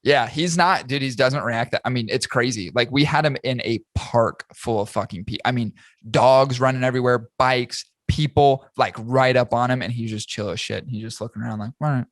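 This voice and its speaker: A man's voice: medium pitch, moderate pace, no room sound, studio quality. A man hosting a casual podcast chat, swearing freely and telling stories with lots of energy. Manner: profane, animated storytelling. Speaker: podcast host.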